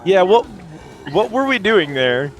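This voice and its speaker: A man's voice: high-pitched, big pitch swings, measured pace. Sarcastic, swearing man streaming a game. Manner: sarcastic, joking, swears freely. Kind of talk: casual gameplay commentary.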